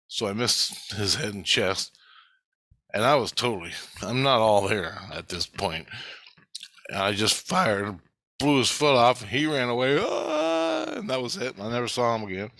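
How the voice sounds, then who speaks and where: Recounting personal spiritual experiences, a male vlogger tells his story in a profane, restless ramble full of restarts and self-corrections. His voice is lowish with a fairly bright tone, and there's no room sound.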